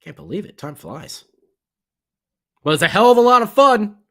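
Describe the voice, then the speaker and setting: A man co-hosting a casual sports podcast, excitable and rambling, with lots of fillers. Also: sits high, moderate pace. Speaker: podcast co-host.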